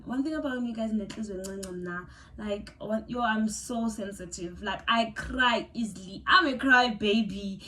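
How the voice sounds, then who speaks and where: A woman's voice: mid-range voice, normal speed, few pauses, bright, forceful tone, a little hiss or hum. A young South African woman vlogger telling a personal story in a casual, emotional, exclamatory way. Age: young adult.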